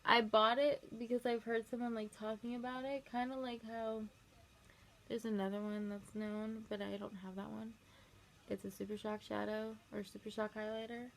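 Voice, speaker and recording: Gravelly-voiced young woman rambling. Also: on the high side, level tone, a little hiss or hum. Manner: rambling, filler-heavy, quick asides. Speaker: makeup vlogger. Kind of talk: casual chatty storytelling while doing makeup.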